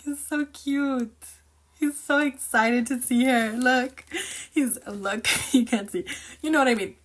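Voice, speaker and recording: A woman chatting casually about a novel she is reading, excitable, opinionated and rambling as she reacts. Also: high voice, takes it slowly. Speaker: book reviewer reacting while reading. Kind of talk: casual book reaction chat.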